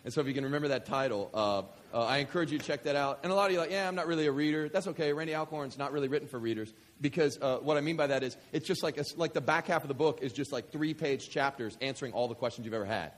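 A man from West Kentucky preaching a sermon, joking with the congregation and swinging from quiet scripture reading to loud excitement. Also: mid-range voice, rapid-fire, hardly any pauses. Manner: animated, jokey, swings between quiet reading and loud enthusiasm. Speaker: pastor.

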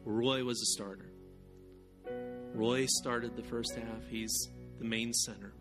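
A male pastor gives a sermon and tells a story, and his voice rises in animated, loud bursts. Plucked guitar music plays softly behind him. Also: mid-range voice, slow pace.

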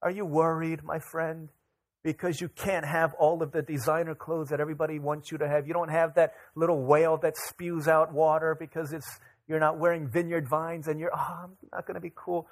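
A man's voice: fairly high pitch, normal speed. A middle-aged man, a pastor, preaching a casual sermon full of personal stories, acting out the voices of the people in them. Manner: animated, acts out voices of people in his stories. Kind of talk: storytelling sermon.

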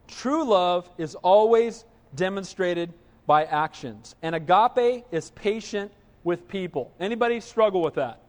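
A man preaching a sermon as pastor, animated and conversational, often checking in with the congregation. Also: sits high, long reverb tail.

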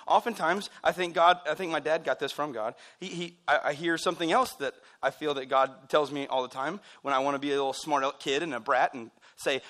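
A man preaching a sermon in a church. He is excitable and wired, and he throws in joking asides. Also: fairly high pitch, fairly quick, few pauses. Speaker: pastor.

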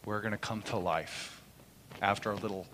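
A middle-aged man preaching a sermon in church, impassioned, moving between loud proclamation and soft, quiet storytelling. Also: lowish voice, steady tone, normal speed, noisy background. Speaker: pastor. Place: church sanctuary during a service. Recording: long hall reverb.

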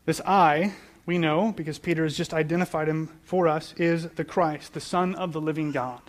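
A man's voice: fairly high pitch, steady tone, moderate pace. A man preaching a sermon, earnest and explanatory, often repeating words as he builds each point. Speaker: pastor.

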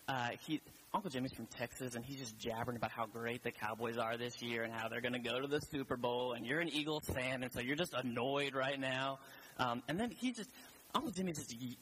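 Lockerer männlicher Prediger, stockend und plaudernd, Kirche, leises Zischen im Hintergrund. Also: male voice, mid-range voice, a bit bright, a little hiss or hum, low-quality recording. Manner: casual, rambling, many fillers and restarts. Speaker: preacher. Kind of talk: sermon. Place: church.

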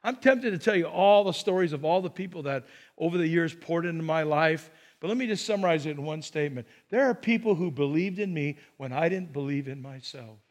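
An older man delivers a sermon in a church, his voice sitting high for a man. He tells his stories with animation and acts out the people in them. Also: a little fast. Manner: animated storytelling, acts out scenes. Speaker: pastor.

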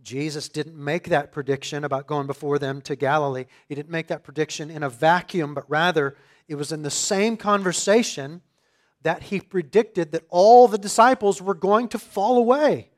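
A man preaches with a fairly high voice, reading scripture aloud and then driving home each point. He swells louder and more forceful on the lines he wants to land. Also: moderate pace. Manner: emphatic, swelling louder on key phrases. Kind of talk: expository sermon.

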